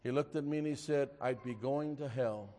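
A man preaching a sermon, telling a story and then pressing his point emphatically before dropping to a hush. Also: mid-range voice, moderate pace, long reverb tail. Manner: storytelling, rising to emphatic exhortation, drops to a hush.

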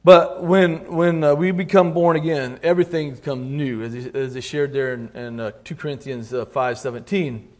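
A middle-aged man giving an informal sermon, halting and repeating words, clearing his throat often and reading scripture aloud in old-fashioned wording. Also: mid-range voice, fairly even intonation. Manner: reads scripture aloud in King James wording. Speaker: lay preacher.

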